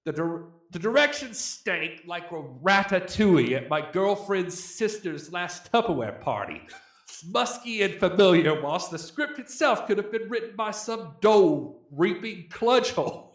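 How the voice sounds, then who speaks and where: A man voicing a crude British male film reviewer who rants with over-the-top insults, in an echoey room. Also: high voice.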